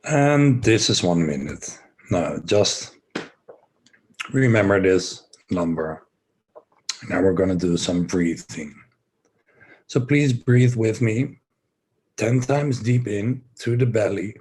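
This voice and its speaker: A man from the Netherlands leading a guided breathing session, giving slow, soothing instructions with some relaxed, rambling asides. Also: fairly low pitch, breathy edge. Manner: relaxed, rambling, self-joking.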